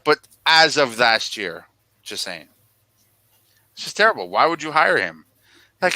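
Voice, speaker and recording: A man's voice: mid-range voice, sing-song, measured pace, pauses often, sharp tone, dry recording, rough recording. A man co-hosting a casual sports podcast, ranting in mock anger about football teams. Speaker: podcast co-host.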